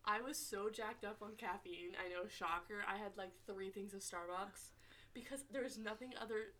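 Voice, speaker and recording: Co-hosting a laid-back podcast, this young woman tells stories with lively, acted-out quotes. She speaks at normal speed in a mid-range voice.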